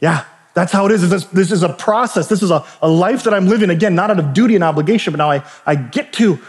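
Man preaching in a reverberant hall. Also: sits high. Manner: conversational, frequent restarts and asides. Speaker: pastor. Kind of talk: sermon. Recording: long reverb of a large hall.

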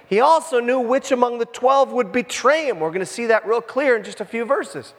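A man preaching a sermon in a conversational, animated way, full of jokey asides. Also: extremely high pitch, fairly quick, long reverb tail. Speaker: pastor. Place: church room with a congregation.

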